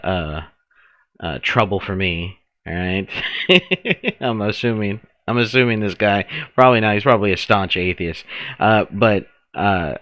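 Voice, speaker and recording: A man's voice: fairly low pitch, bright, forceful tone, dry recording. A man casually commenting on his gameplay, thinking aloud with restarts and jokes. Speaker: gameplay streamer.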